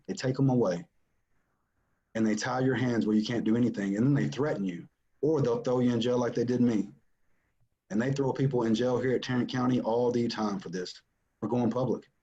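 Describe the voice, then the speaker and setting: Warm in tone and mid-range in pitch, a man's voice comes through a muffled recording. He is a father giving personal testimony about his family, earnest and emphatic, with repetition for stress.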